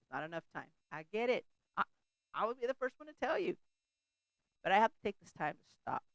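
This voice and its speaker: Gravelly-voiced woman preaching casually. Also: medium pitch, big pitch swings, fairly quick, dry recording, rough recording. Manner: chatty, laughs often, breaks off and restarts mid-thought. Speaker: host of a faith talk show.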